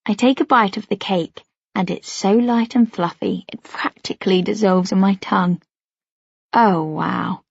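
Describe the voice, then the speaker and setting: A woman narrating an audiobook in the first person, in a light, youthful and expressive way. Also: mid-range voice, measured pace, gravelly, slightly rough, no echo. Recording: dull, lo-fi dry audiobook recording.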